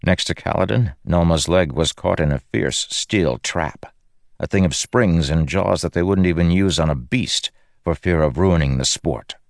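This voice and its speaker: A man narrating an audiobook in a measured, grave storytelling manner. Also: deep voice, vocal fry, no echo, clean studio sound.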